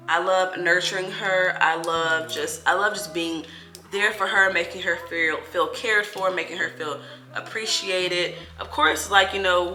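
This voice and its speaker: Bright-voiced young woman chatting to camera. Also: deep voice. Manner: candid, talks straight to her viewers. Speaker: beauty vlogger answering viewer questions. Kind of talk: casual chat to camera. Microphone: camera mic while doing her hair. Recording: echoey room with faint music.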